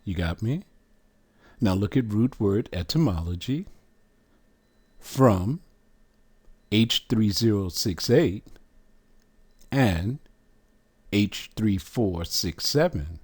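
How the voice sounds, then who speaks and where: A man teaches from a chart at a slow, measured pace, pausing often to ask the listener if they follow. His voice sits low. The sound is dry and close, with no room around it. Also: animated, a little mellow, husky, dry recording. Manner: asks the listener questions, emphatic. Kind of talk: scripture lesson walking through a chart.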